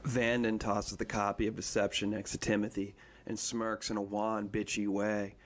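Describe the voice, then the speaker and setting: Man reading a novel aloud, steady. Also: lowish voice, normal speed, slight background noise. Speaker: reader.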